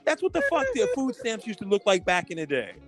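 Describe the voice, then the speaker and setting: A male podcast host telling animated, profane stories with a lot of laughter, with faint music behind. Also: high voice, quick pace. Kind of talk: casual storytelling chat.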